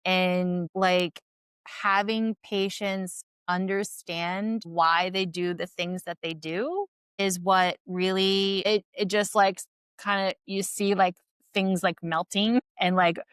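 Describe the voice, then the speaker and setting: A woman physician and podcast guest, chatting casually and telling patient stories in a lively way, often saying "like" and laughing. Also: mid-range voice, slow pace, clear, resonant tone, no echo. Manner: animated storyteller, heavy use of "like", laughs often. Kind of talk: casual interview chat.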